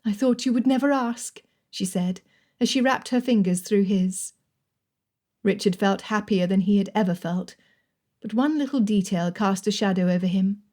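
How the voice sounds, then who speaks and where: A woman narrating a romance audiobook in a measured, even storytelling manner. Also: medium pitch. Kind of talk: scripted narration.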